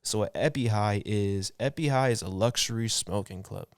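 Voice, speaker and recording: Laid-back young man, smooth low voice. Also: normal speed, dry recording, clean studio sound. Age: 20s. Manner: laid-back, rambling with many fillers. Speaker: podcast guest, clothing designer. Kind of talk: casual chat.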